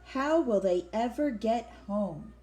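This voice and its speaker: A woman's voice: fairly high pitch, animated, takes it slowly, darkish tone. A woman teacher giving an online classroom lesson, patiently explaining and asking then answering her own questions.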